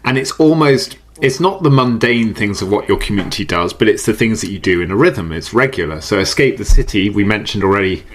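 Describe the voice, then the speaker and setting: A low-voiced man talks through ideas as a podcast guest. He is chatty and animated, laughs often and restarts his sentences as he goes. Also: fairly quick, few pauses. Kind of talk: casual conversational interview.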